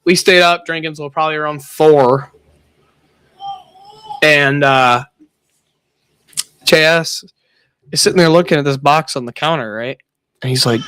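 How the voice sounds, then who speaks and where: A man's voice: fairly high pitch, moderate pace, long pauses, a bit bright, smooth, no room sound. A young man streaming, telling a profane party story with frequent laughter. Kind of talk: casual chat.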